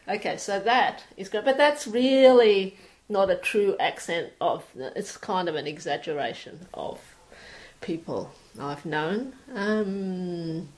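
Slow, relaxed Australian woman. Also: medium pitch, rough recording. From Sydney, Australia. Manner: relaxed, hesitant with fillers and restarts. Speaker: performer reading a passage and talking about herself. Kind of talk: reading aloud, then casual personal talk.

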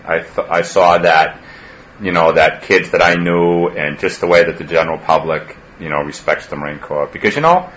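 Man, Boston accent, very low voice, earnest conversational interview talk, faint background hum. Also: a bit bright, dull audio. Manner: conversational, earnest, peppered with "you know". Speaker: campus police officer.

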